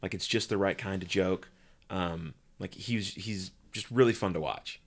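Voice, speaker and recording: A man co-hosting a podcast, chatting in a relaxed, rambling way full of "like". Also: low-pitched, normal speed. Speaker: podcast co-host. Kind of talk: casual chat about a movie.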